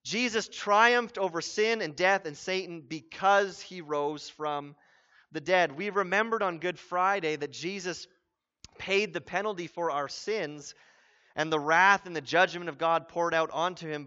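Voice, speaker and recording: A man with a high, bright, forceful voice preaches a sermon in a chatty, everyday manner. He swells to loud emphasis to drive his points home. The sound is a little dull and lo-fi. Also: measured pace. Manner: conversational, grows emphatic and loud when stressing points. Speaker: pastor.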